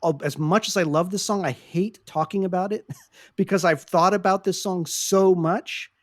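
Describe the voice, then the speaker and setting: A high-pitched man with a steady tone and moderate pace hosts a casual podcast, heard in clean studio sound without room reverb. Earnest and passionate, he swears frequently and often begins sentences again as he searches for words.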